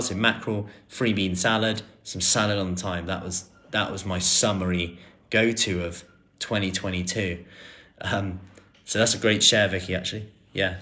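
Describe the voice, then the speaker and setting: With a fairly low pitch, a thirty-something personal trainer chats his way through questions from live stream viewers. He's laid-back, leaning on fillers and frequently restarting his sentences.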